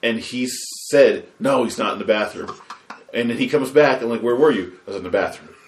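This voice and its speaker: A man's voice: mid-range voice, fairly quick, roomy sound. A man hosting a casual gaming podcast, chatting loosely and plugging the show. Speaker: podcast host.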